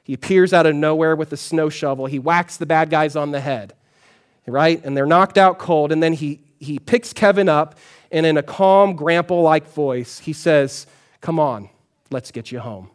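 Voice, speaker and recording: A man, a pastor, preaching a sermon in a conversational storytelling way, often dropping to a soft, low voice for emphasis. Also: moderate pace, clean tone.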